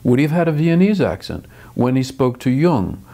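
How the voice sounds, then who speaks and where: A man's voice: mid-range voice, big pitch swings, normal speed, creaky, mellow. An older man, a film director, talking thoughtfully in an interview with frequent restarts. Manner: thoughtful, restarts often, dry chuckles. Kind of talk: interview conversation.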